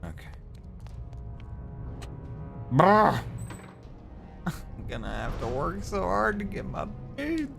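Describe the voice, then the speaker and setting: A man streaming a game live, muttering to himself with frustrated sighs and sudden loud outbursts. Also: high voice, huge pitch swings, unhurried, vocal fry, faint music behind. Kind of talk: live gameplay commentary.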